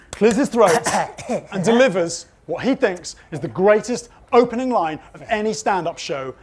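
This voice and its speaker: A man's voice: sits high, expressive, normal speed, husky. A man, a comic book author, narrating a funny story live for children with careful comic timing.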